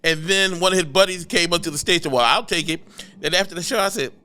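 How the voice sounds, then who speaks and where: A man's voice: high voice, fast talker. A man from the Philadelphia area, a stand-up comedian telling stories in casual podcast chat and acting out hecklers. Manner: animated storytelling, acts out hecklers. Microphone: podcast studio mic.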